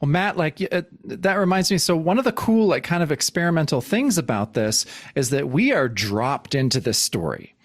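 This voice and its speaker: A man hosting a podcast, asking a guest a halting, thought-out question in casual conversation. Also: on the high side, very animated. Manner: thinks aloud, halting questions. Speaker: podcast host. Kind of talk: casual interview.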